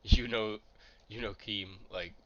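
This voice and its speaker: A man's voice: on the low side, fairly even intonation, slow, fairly bright tone. A man running a tabletop game as game master, joking and casual, over slightly muffled online call audio.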